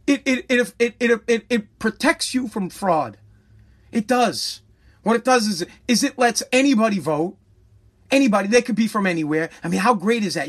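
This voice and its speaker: A political commentator ranting with heavy profanity and sarcasm, swinging between loud mockery and a mock-calm hush. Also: medium pitch, breathy edge.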